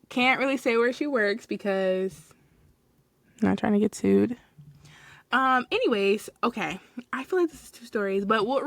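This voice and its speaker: A young woman hosting a podcast, telling retail stories in a sassy, animated, profane way. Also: fairly high pitch, no echo. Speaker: podcast host, retail manager. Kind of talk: casual storytelling.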